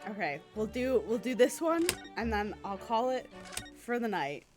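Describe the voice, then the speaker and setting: Female streamer, chatty and giggly, lively melodic delivery, game music underneath. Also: fairly high pitch, moderate pace. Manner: chatty, giggly, reads every character's lines aloud. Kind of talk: casual game stream commentary.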